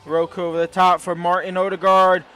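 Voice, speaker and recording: A man hosting a gaming channel, giving casual commentary over his own gameplay, rambling and swinging between low muttering and loud outbursts. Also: little pitch movement, brisk, smooth.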